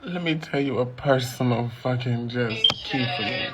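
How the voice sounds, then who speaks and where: A young man giving loud, profane, mocking comedic reaction commentary as a streamer, often breaking into laughter. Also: medium pitch, normal speed, very noisy.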